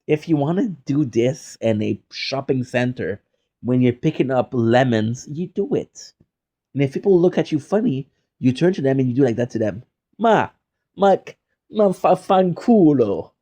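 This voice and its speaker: A young man with a medium-pitched, dark-toned voice chats casually with viewers on a live stream. He's playful and teasing, often repeating phrases in mock outrage.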